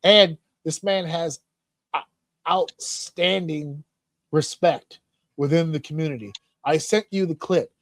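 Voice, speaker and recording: Excitable man swearing through a story. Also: on the high side, slow, no room sound. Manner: animated, profane storytelling. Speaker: podcast co-host. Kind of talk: casual podcast chat.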